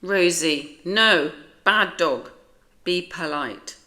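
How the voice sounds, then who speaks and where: A woman's voice: on the low side, big pitch swings, slow, a bit bright, full character voice. A woman with a British accent voicing a cheerful grown man who owns a dog, talking eagerly and exclaiming.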